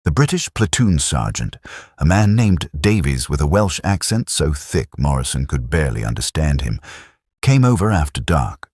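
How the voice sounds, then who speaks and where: Deep husky male narrator for a war story, steady, animated inflection, dry close recording. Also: moderate pace, no echo.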